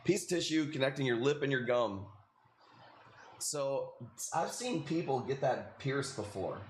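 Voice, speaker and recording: A livestream host, a man in his late thirties, talks a little slowly and expressively in a medium pitch as he rambles casually through a profane story full of "dude." The sound is roomy, with slight background noise.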